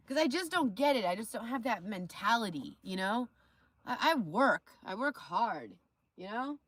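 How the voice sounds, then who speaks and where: A woman's voice: a little high, very animated, moderate pace, fairly bright tone, dry recording. A young woman live streamer talking in a casual vlog rant, swearing freely and full of scorn. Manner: profane, scornful, ranting.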